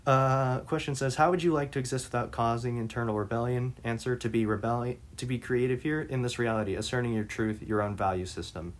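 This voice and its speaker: A man reading interview passages aloud and commenting on them, halting with frequent restarts and fillers. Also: mid-range voice, fairly even intonation. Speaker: reader and commentator.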